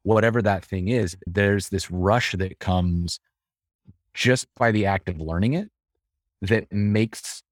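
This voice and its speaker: Low-voiced man telling a story. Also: slow pace, no echo, studio quality. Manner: reflective storyteller with frequent restarts. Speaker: guest. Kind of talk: conversational interview.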